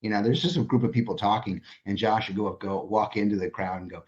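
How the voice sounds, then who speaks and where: A man who is a designer and author, talking as a podcast guest. He tells stories in an animated way and swears freely. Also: on the low side, moderate pace. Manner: animated, profane storyteller. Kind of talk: casual podcast conversation. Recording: slightly dull lo-fi audio.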